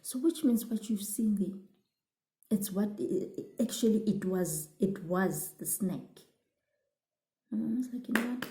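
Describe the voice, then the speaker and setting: A woman telling her viewers a childhood story in a storytime vlog, animated, often calling them "guys" and restarting her sentences. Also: medium pitch, a little slow, echoey room. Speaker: vlogger.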